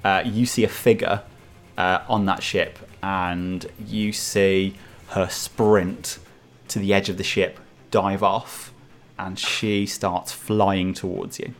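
A man's voice: sits low, little pitch movement, slow pace. A man narrating as dungeon master in loose, filler-heavy descriptions. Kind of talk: narrating a tabletop game.

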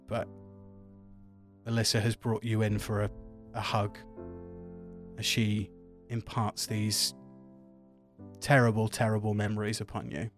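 A man narrating a tabletop game as game master, telling a sombre backstory in a solemn, descriptive way. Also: lowish voice.

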